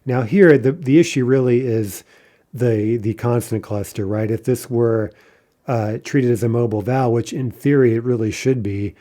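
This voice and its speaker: In an online grammar lesson for a language, a mid-range-voiced man speaking at normal speed walks through patterns step by step. He keeps asking "right?" and drifts into quieter asides.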